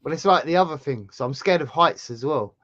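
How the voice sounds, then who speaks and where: A fairly high-voiced English man hosting a casual chat, telling stories with big swings in pitch and loudness. His throat is sore, and the sound is dry and slightly muffled, with little room reflection. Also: fairly quick, no room sound. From England. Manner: chatty storyteller, animated swings in pitch and loudness. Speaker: channel host.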